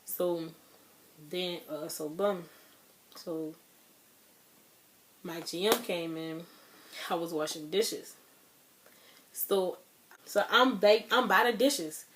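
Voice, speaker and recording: A woman's voice: on the low side, slow, long pauses, a bit bright, slight background noise. A young woman telling her viewers a sad personal story in a casual, chatty way, talking straight to them as y'all. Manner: emotional, grieving retelling. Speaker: vlogger.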